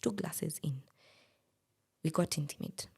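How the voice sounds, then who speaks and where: Low, gravelly woman telling her story. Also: measured pace, warm tone. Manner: candid, plain-spoken. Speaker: podcast guest. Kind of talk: personal storytelling in a podcast interview.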